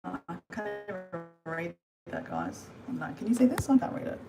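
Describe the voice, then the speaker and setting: A woman's voice: fairly low pitch, huge pitch swings, moderate pace, warm tone, soft background music. A woman chatting casually to camera in a hotel room, rambling and calling her viewers guys. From Australia. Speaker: travel vlogger. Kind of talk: casual vlog chat to camera.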